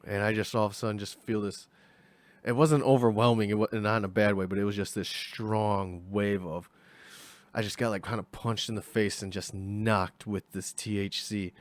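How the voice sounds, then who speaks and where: A man's voice: lowish voice, steady tone, normal speed, no room sound. A young man telling a casual story, rambling and slangy, acting out the people in it. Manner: rambling, slangy, acts out voices.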